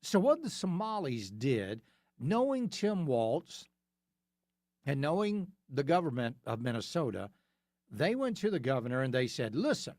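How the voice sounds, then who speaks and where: Emphatic radio host in a dry studio. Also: male voice, mid-range voice, sing-song, a little slow, darkish tone, no echo. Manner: emphatic, poses rhetorical questions and answers them himself. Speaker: radio talk show host. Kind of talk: opinionated talk radio monologue.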